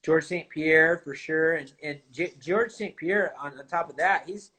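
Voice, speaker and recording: A man talking as a guest in a casual conversation, relaxed and rambling with many fillers. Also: on the high side, unhurried. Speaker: guest, fighter.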